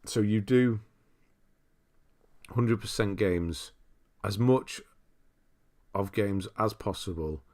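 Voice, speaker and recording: A man with a deep, low voice hosts a casual live stream. He rambles easily, reads out viewers' messages and breaks into laughter often. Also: slow, pauses often. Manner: relaxed, rambling, reads chat aloud with frequent laughs. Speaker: streamer host.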